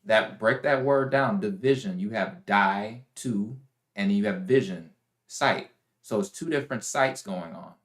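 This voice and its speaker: A man's voice: lowish voice, unhurried, a bit bright. Preachy man in a roomy echo. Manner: preachy, breaks words down, reads verses aloud. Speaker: co-host of a faith talk show. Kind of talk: casual live discussion with scripture reading.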